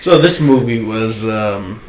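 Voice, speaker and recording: Excitable swearing man in echoey room. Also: takes it slowly. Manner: excitable, swears a lot, acts out scenes in loud high voices. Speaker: podcast co-host. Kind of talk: casual movie review chat.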